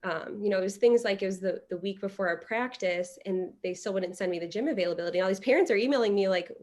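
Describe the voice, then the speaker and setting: Animated woman telling a story. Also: medium pitch, fast. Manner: animated, many restarts and quoted dialogue. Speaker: podcast guest. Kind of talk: conversational storytelling.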